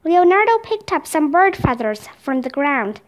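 A woman reading a children's chapter book aloud, narrating clearly and expressively. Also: high-pitched, big pitch swings, measured pace. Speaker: storybook reader.

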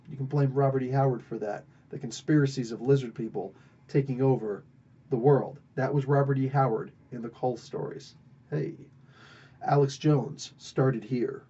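A man's voice: mid-range voice, dark tone, slightly rough, muffled recording. A man hosting a podcast, recapping a story in a rambling, playful way with self-corrections.

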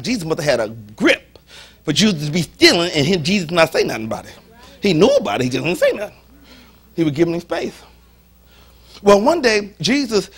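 A male pastor preaching a sermon in a church, folksy and animated, acting out the voices of biblical figures as he tells their stories. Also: high-pitched, breathy edge.

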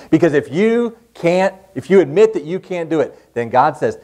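A man's voice: a little high, big pitch swings, a little fast, hardly any pauses, darkish tone. A man preaching a sermon as pastor of a church, earnest and conversational with rising emphasis. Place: church sanctuary.

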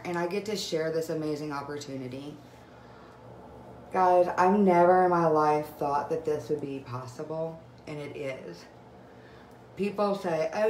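A young woman chatting live on camera at home, excited and emotional as she gushes about beauty products. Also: on the low side. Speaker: direct sales vlogger. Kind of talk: casual live video chat. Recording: echoey room with faint noise.

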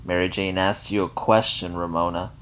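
A man's voice: low-pitched, little pitch movement, moderate pace, a bit bright, a little hiss or hum. A man voicing a jaded, sarcastic woman hostess. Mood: sardonic.

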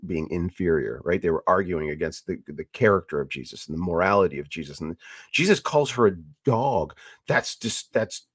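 A man with a fairly low voice hosts a casual Bible teaching podcast. He rambles and restarts often, then punches words out with sudden emphasis. The sound is dry and close. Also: slightly rough, no echo. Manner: animated and rambling, with many restarts and emphatic bursts. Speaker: podcast host.

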